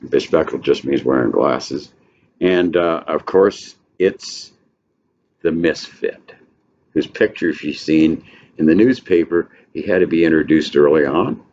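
A man with a very deep voice gives an informal lecture on literature, rambling and pausing often. The recording sounds muffled and lo-fi. A faint hiss runs underneath. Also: darkish tone. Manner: rambling, with many pauses and filler sounds. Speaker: literature presenter.

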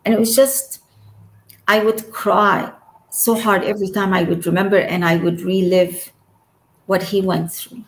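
A woman's voice: medium pitch, flat delivery, unhurried, roomy sound, poor audio. A woman telling a personal story as an interview guest, emotional and trailing off between phrases.

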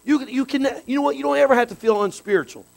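High-voiced preacher, loose and lively. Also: male voice, fast talker, creaky, low-quality recording. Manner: conversational preaching, swinging between low asides and shouted bursts. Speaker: pastor. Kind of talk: sermon.

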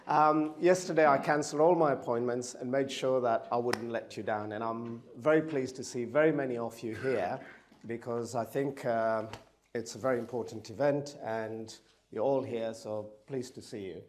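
A man with a croaky, hoarse voice from a cold, giving a conference presentation and joking with the audience. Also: mid-range voice, moderate pace, slight background noise. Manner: jokey, talks to the audience directly. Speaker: event speaker.

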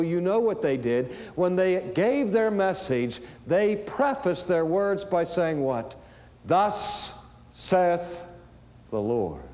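A man preaching a sermon in a slow, deliberate way, building to raised emphasis. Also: high-pitched, a little mellow. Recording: long hall reverb.

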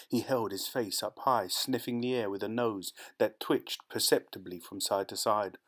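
A man narrating a short story in a measured, deliberate audiobook reading. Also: on the low side, steady tone, a bit bright.

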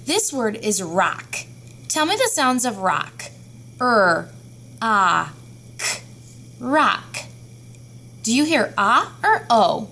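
A woman's voice: a little high, sing-song, sharp tone, a little hiss or hum. A woman teaching a children's phonics lesson, patiently sounding out each letter and word. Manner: slow, patient, sounding out words.

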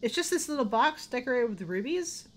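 A woman voicing a polite, timid young girl in a horror game, soft and earnest. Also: fairly high pitch, big pitch swings, brisk.

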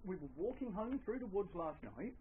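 A man's voice: high voice, lively intonation, fairly quick, phone-quality sound, heavy background noise, voice pushed up. A man voicing an earnest young farmhand answering his master matter-of-factly.

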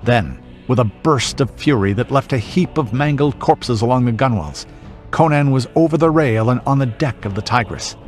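A man's voice: medium pitch, expressive, normal speed. A man reading a passage from a sword-and-sorcery story aloud, in a grave and theatrical manner. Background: soft background music.

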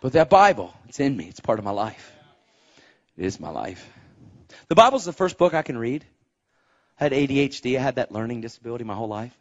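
Male evangelist giving an excitable testimony sermon, lively pitch, muffled lo-fi audio. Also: a little fast, long pauses. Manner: animated, emphatic storytelling with sound effects. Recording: dull, muffled recording.

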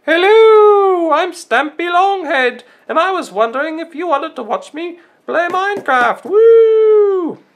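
A squeaky, whooping cartoon cat. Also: male voice, sing-song, slow pace, hardly any pauses, full character voice. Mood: gleeful. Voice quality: very high squeaky falsetto. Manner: whooping, gushing. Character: shrill, overexcited cheerful cartoon cat gamer host.

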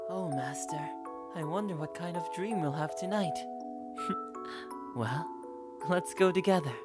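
A man's voice: sits high, slow pace, long pauses, loud music behind the voice. A man voicing a playful young boyfriend who rambles in a goofy, scatterbrained way and is out of breath, in a whispered role-play.

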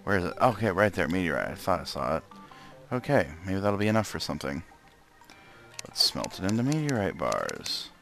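A man's voice: deep voice, big pitch swings, fairly quick, gravelly. A man casually commenting on his own gameplay, muttering to himself and breaking into frustrated outbursts. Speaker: let's play gamer. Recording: gameplay with loud game music behind.

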